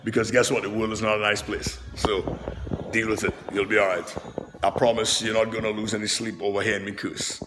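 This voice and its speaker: A man who works as a personal trainer, talking to camera in a loud, animated, profane way, very expressive and passionate. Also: fairly low pitch, brisk, big-room sound, noisy background. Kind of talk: loud casual monologue to camera. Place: fitness gym.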